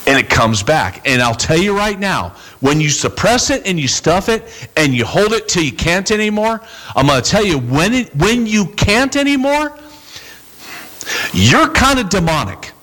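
A man preaching a sermon as a pastor, casual and animated, acting out the people in his stories. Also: high voice, moderate pace. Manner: animated, acts out quoted voices, bursts into shouts.

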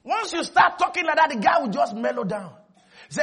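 A man preaching a sermon in an animated way, acting out little scenes and leading the congregation in call and response. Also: very high voice, a little fast.

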